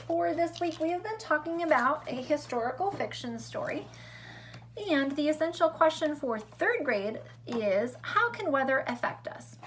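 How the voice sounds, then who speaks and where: A woman teaching a remote lesson to young children, upbeat and sing-song, speaking slowly and clearly. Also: sits high, a little hiss or hum. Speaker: elementary school teacher.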